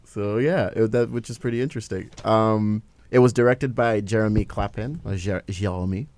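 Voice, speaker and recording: A man's voice: on the low side, normal speed, darkish tone, no room sound. A man hosting a casual podcast film review, rambling with fillers and laughing often. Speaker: podcast host.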